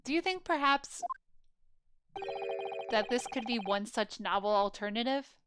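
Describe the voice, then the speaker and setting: A woman's voice: fairly high pitch, expressive, measured pace, heavy background noise. A woman playing a game who reads its dialogue aloud and adds chatty, incredulous asides. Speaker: let's play gamer. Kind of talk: casual gameplay commentary and reading aloud. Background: game music.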